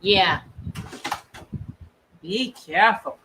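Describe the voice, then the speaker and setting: A woman hosting a crafting livestream, chatting casually and warmly reading out viewer comments. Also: medium pitch, very slow, background noise. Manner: chatty, reads viewer comments aloud, encouraging. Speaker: crochet livestream host. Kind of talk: casual chat with live viewers.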